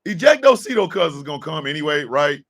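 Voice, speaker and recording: A man's voice: on the high side, sing-song, fast, a bit bright. A man hosting a casual live stream, scolding a troll in mock indignation and tacking "sir" onto his lines.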